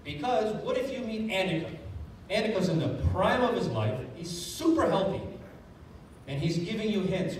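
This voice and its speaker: Man doing a lively sales training talk, jokes with the crowd, boomy hall, faint room noise. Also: normal speed, distant mic. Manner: energetic, jokey, addresses the audience directly.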